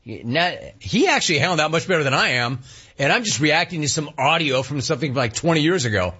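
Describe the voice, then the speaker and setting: Animated male talk radio host. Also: a little high, fast, husky, muffled recording. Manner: animated storytelling, laughs at clips. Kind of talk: casual talk radio banter.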